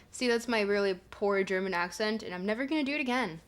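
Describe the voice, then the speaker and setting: Talking fast at medium pitch, a young woman streamer reads her chat and chats casually with viewers. Her rambling is full of fillers, punctuated by playful bursts of excitement.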